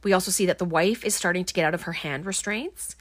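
A woman's voice: lowish voice, fast, dry recording. A woman recapping a film in a casual, rambling way, with plenty of ums and likes. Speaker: podcast host recapping a film.

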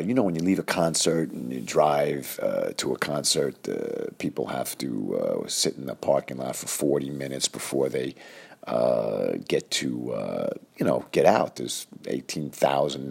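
A man's voice: extremely low pitch, gravelly, darkish tone, breathy edge. A man in his fifties telling a rambling personal story, full of fillers, acting out the people he quotes.

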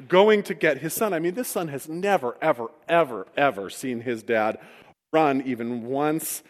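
A man preaching a sermon, retelling a story with humorous asides. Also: fairly high pitch. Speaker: pastor. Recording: long reverb of a large hall.

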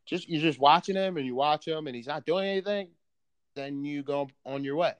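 Animated man telling a story, dry sound. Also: on the high side, a little fast, smooth, no echo. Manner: animated, swears freely, restarts sentences. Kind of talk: casual chat, storytelling.

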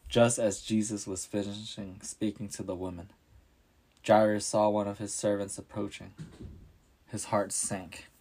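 A male storyteller reads a scripted story in a calm, measured way. His low voice moves slowly and stays level, with little rise or fall. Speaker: narrator.

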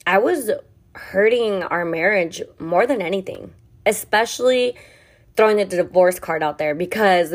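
A young woman hosting a podcast, telling a personal story in a candid, confessional way, swearing often and filling her talk with "like.". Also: medium pitch. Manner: candid, heavy swearing and filler "like". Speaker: podcast host.

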